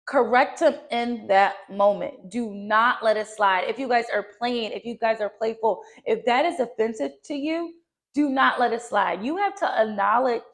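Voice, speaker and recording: A young woman giving encouraging, direct self-improvement advice to her viewers, repeating key phrases for emphasis. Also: on the high side. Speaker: lifestyle vlogger. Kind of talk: motivational advice to camera.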